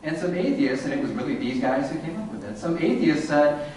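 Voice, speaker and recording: Brisk and on the high side, a man delivers an animated, sarcastic, humorous talk to an audience. It's recorded from afar in an echoey hall, with a bit of hiss or hum.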